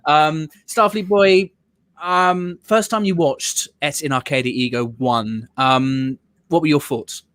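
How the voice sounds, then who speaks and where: A man's voice: on the high side, unhurried, fairly bright tone, clear, resonant tone, dry recording, studio quality. A man hosting a casual live stream watch-along, talking in a theatrical, mock-weary way.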